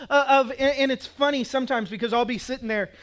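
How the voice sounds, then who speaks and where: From the pulpit, a male pastor with an Oklahoman accent preaches fast, his voice pitched very high for a man. His storytelling is energetic, with scenes acted out and moments that rise to a shout.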